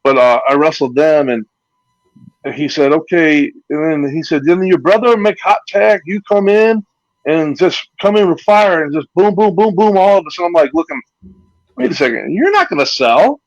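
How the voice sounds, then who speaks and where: Veteran male wrestler spinning loose anecdotes; gravelly, dry, slightly muffled recording. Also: fairly high pitch, animated, moderate pace, no echo. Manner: rambling anecdotes with acted-out quotes and laughs. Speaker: retired pro wrestler, guest. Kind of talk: casual storytelling interview.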